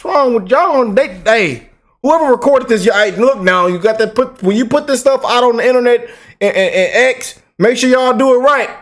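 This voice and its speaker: A man hosting a casual reaction commentary, talking in an excitable, rambling way and often stumbling over and repeating his words. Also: extremely high pitch, a little fast. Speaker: commentary channel host.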